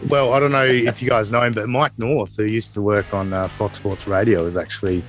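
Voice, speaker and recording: A man's voice: fairly low pitch, fairly even intonation, fairly quick, a bit bright, soft background music. A man from Australia with an Australian accent, chatting easily as a podcast co-host.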